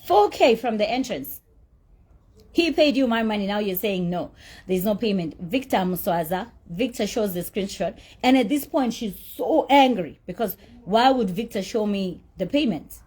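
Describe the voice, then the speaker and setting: A woman's voice: mid-range voice, lively intonation, normal speed, darkish tone, breathy edge. A middle-aged woman telling her side of a dispute over an unpaid appearance, blunt, indignant and swearing freely. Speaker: celebrity recounting a dispute. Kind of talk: heated personal storytelling.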